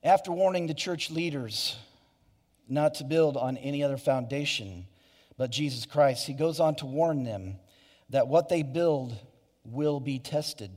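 A man's voice: fairly high pitch, unhurried, darkish tone. Preaching man in a reverberant hall. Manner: earnest preaching with frequent restarts and "you know". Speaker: pastor. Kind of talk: sermon. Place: church sanctuary.

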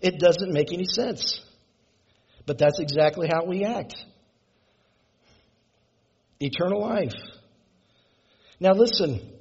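A man's voice: sits high, animated, takes it slowly, long pauses, breathy edge. A male pastor giving a conversational sermon to his congregation, asking them to respond and building to emphatic passages. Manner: builds to raised, emphatic delivery. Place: church sanctuary. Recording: muffled, lo-fi sermon recording.

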